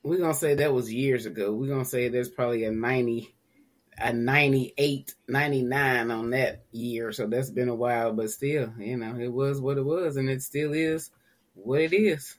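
A man in his thirties from Tennessee, talking in a relaxed, meandering way on a podcast. His pitch sits mid-range and he fills his talk with "you know" and "I'm saying". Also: moderate pace. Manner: laid-back, rambling storyteller with frequent "you know". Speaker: podcast co-host. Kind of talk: casual chat.

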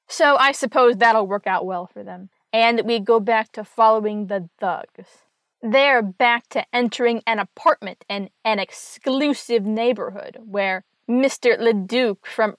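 A woman with a slightly high voice recaps a comic book in a relaxed, chatty way. She slips in dry, sarcastic asides. The recording is close and dry, with no room sound. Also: no echo. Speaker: podcast host recapping a comic. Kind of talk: casual comic recap narration.

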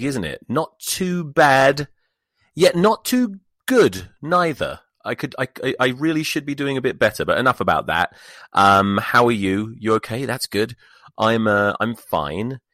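A man's voice: lowish voice, pushed and bright, no room sound, clean studio sound. A middle-aged man hosting a podcast, chatting in a rambling, wry way and swearing casually. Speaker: podcast host. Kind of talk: casual solo chat. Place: United States.

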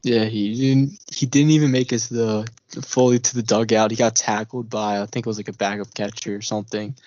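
A man's voice: lowish voice, fairly even intonation, brisk, a little mellow. A man co-hosting a sports podcast, talking in a laid-back, matter-of-fact way with many fillers. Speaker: podcast co-host. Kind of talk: casual sports chat. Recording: dull lo-fi sound.

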